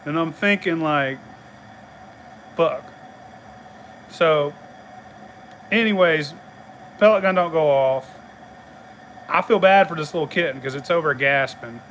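A man's voice: on the high side, takes it slowly, long pauses, a bit bright, slight background noise. Profane, rambling man. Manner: rambling, profane, laughing storyteller. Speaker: channel host. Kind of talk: casual storytelling chat.

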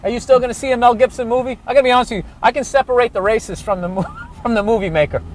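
High-voiced man ranting outdoors. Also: racing, a little hiss or hum. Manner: loud, sarcastic, swears constantly. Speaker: comedian. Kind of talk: profane ranting walking tour. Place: outdoors on a city street.

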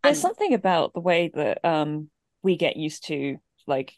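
A woman's voice: low-pitched, big pitch swings, moderate pace, darkish tone, no room sound, clean studio sound. A woman co-hosting a podcast, chatting casually in a rambling way, full of "like". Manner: rambling, filler-heavy with "like". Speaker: podcast co-host. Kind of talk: casual chat.

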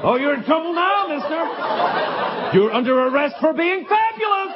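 Man doing a campy flirty stripper cop, very high and singsong, dull broadcast sound, loud audience behind. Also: sing-song, normal speed, over a noisy crowd, heavy background noise.

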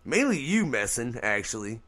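Animated, swearing male radio host. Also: normal speed. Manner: animated, swears freely, pitch jumps when excited. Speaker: podcast host. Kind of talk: casual profane radio chat.

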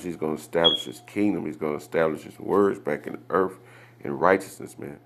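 Man with a super low voice going through bible verses, keeps asking "okay?". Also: a little fast. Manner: asks rhetorical questions, adds "okay?" after points; reads scripture aloud and explains it. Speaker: Bible teacher. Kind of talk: Bible study teaching.

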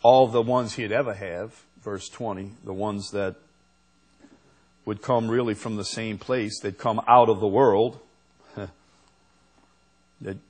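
A man preaching a sermon as pastor, slow and unhurried, rising to emphatic peaks. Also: fairly low pitch, fairly even intonation, a little mellow, husky.

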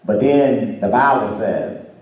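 A man with a fairly low voice preaches slowly in a church sanctuary, telling a story as the congregation responds. The call-and-response builds to shouts, and the roomy church sound is recorded from a distance.

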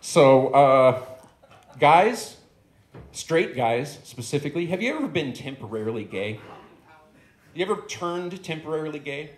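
A man's voice: on the high side, expressive, unhurried, pauses often. A man doing stand-up comedy at an open mic, telling a rambling, swearing story into a handheld microphone in a club. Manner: rambling, profane, conversational. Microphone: handheld stage microphone. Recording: echoey club room.

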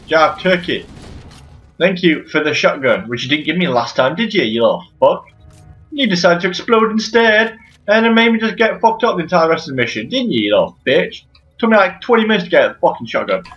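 A man's voice: high-pitched, fairly bright tone. A man doing let's play commentary, swearing constantly, exasperated and sarcastic toward the game. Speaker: gameplay commentator. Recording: dull lo-fi home recording.

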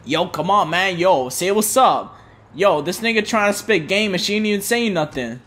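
A young man commenting on his own gameplay in loose slang, excitable and swearing constantly. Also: high-pitched, normal speed, slight background noise. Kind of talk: casual let's-play commentary.

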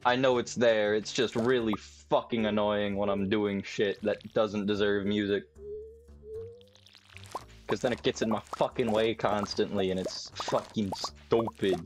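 A man's voice: fairly low pitch, flat delivery, normal speed, faint music behind. A young man streaming a farming game, chatting casually and rambling to himself with lots of swearing. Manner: profane, rambling, talks to himself. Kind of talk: casual gameplay commentary. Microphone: desk mic with webcam.

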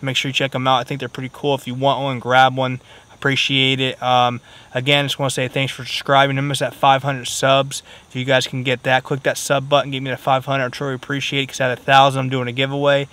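A man's voice: mid-range voice, level tone, fairly quick, bright, forceful tone. A man vlogging his fishing by a pond outdoors, talking casually to viewers in an easygoing, chatty way with plenty of ums and uhs. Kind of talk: casual vlog talk to viewers.

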